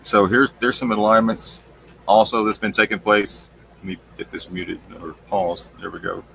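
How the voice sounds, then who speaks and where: A male host talking offhandedly while he brings up and pauses clips on a live stream. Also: lowish voice, steady tone, vocal fry, a bit bright, a little hiss or hum. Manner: offhand, talks while working the screen. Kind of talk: casual live-stream commentary.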